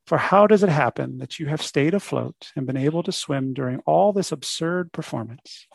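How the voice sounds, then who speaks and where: A man voicing the vast great sea as a patient, kindly presence that gently questions a fish while he reads a story aloud. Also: on the high side, normal speed, gravelly, husky, no room sound.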